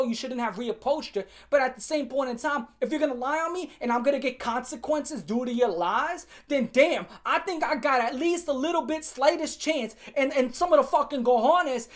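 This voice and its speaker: Recounting his school days to viewers, this young man has a very high-pitched, fairly bright voice. His story turns into a fiery, foul-mouthed rant full of slang, aimed directly at his audience, with plenty of repetition.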